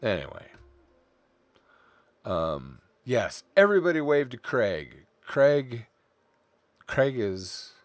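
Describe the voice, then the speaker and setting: A man's voice: medium pitch, very animated, takes it slowly, pauses often, no room sound. A middle-aged man from California, chatting casually while he draws, rambling off into tangents and stories. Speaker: artist streaming while drawing. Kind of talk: casual chat while drawing.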